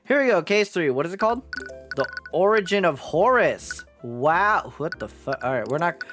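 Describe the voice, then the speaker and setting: Young woman, game streamer, chatty, swearing, lively pitch. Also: soft background music. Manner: chatty, swearing, self-mocking, quick laughs. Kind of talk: casual live game stream.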